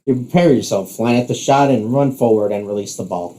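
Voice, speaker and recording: Male narrator for second-person story, steady, warm mellow tone. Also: fairly low pitch, fairly quick.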